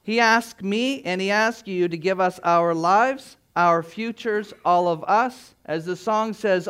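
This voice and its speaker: Man, pastor, sermon, high-pitched, emphatic, rhetorical questions. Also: slow pace, hardly any pauses, fairly bright tone, clear, resonant tone.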